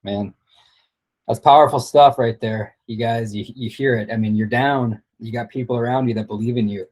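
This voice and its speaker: A man's voice: medium pitch, fairly even intonation, normal speed, a little mellow. A man hosting an interview podcast, reacting to his guest's stories and asking questions. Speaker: podcast host. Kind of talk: casual interview.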